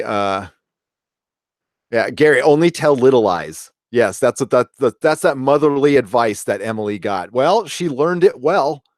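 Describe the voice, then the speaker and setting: A man hosting a casual live stream, reviewing an episode and reading out viewer comments in a rambling, relaxed way. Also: medium pitch, no echo, studio quality. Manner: rambling and relaxed, many fillers and restarts.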